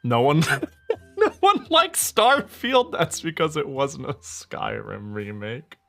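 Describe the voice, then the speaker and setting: A male streamer in casual stream chat, ranting in a profane, animated way and laughing often. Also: on the high side, slow, creaky.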